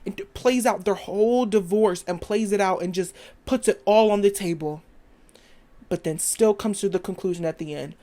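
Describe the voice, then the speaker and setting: A woman's voice: mid-range voice, normal speed, mellow. A woman hosting her own podcast, talking in a rambling, emphatic stream of thought and stopping to quote song lyrics. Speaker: podcast host. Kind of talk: casual opinion monologue.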